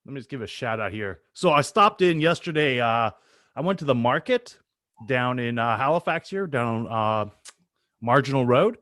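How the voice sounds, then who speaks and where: A man's voice: medium pitch, animated, moderate pace, fairly bright tone, dry recording, studio quality. A Canadian man in his thirties co-hosting a sports podcast, laid-back and laughing easily in casual chat. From east coast of Canada. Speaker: podcast co-host.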